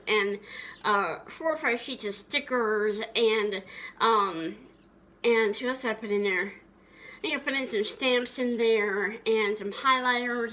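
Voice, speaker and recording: A woman's voice: a little high, pushed and bright. A woman vlogger reminiscing tenderly in a casual, rambling way, with many fillers and restarts.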